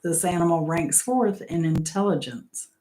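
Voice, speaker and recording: A woman's voice: on the low side, normal speed, warm tone, slight background noise, poor audio. A middle-aged woman hosting a casual live-stream trivia game. She is chatty, laughs often, reads questions aloud and greets viewers by name.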